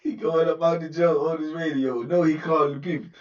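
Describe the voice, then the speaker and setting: A man casually telling an animated, slang-filled story and laughing often. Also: a little high, a little fast. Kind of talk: casual anecdote. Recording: distant dull lo-fi recording.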